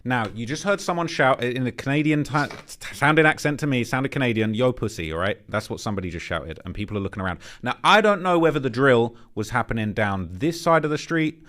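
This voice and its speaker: A man's voice: mid-range voice, animated, fairly quick, a bit bright. Man hinting at clues over footage. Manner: conspiratorial, hinting. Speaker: host. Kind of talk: casual commentary.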